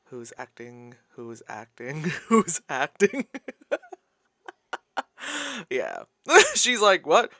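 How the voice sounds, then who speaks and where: A streamer giving a live reaction to a movie, animated, laughing often, swearing and mocking voices. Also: mid-range voice, no room sound, studio quality.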